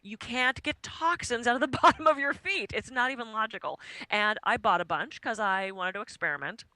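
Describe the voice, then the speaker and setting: A woman being interviewed as a guest author, talking in an animated, chatty way and laughing often. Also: on the high side, a little fast, no echo, low-quality recording. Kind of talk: radio interview.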